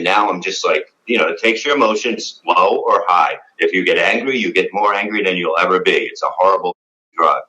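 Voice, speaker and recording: Middle-aged New comedian, very low and forceful voice, blunt and profane, rambling interview storyteller. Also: male voice, low-quality recording. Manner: blunt, profane, rambling with many "you know"s. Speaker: comedian guest.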